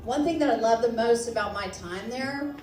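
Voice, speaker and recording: A woman from Texas doing a stand-up comedy set, animated and self-mocking, breaking into laughter. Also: on the high side, normal speed, slight background noise. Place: comedy club stage before a laughing audience. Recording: roomy club sound, distant mic, loud crowd.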